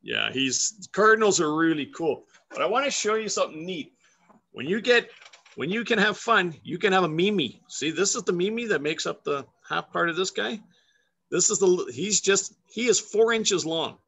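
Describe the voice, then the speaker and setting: Guest: upbeat man, fairly high, bright voice, chatty and playful, laughs a lot, talks over a video call. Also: expressive, normal speed, vocal fry, slightly rough. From Canada. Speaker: guest woodcarver. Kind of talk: casual demonstration over a live video chat.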